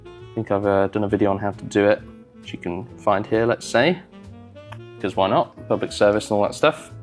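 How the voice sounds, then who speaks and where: A man's voice: lowish voice, fairly even intonation, brisk, soft background music. A man vlogging about sewing, rambling casually with wry, self-deprecating asides and many fillers. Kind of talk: casual talk to camera while sewing.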